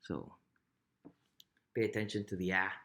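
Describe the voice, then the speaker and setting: A man, teaching vowel sounds in a casual, unhurried way and often asking "right?". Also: low-pitched, fairly even intonation, bright, forceful tone. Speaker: language teacher. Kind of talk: casual pronunciation lesson.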